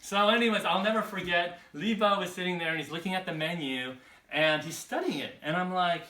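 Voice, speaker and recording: A man with a Southern US drawl tells stories on a stage mic in a stand-up set. His voice is bright and fairly high. It is picked up from a distance in an echoey hotel room. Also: a little fast. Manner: drawling, crowd-working storyteller. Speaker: stand-up comedian.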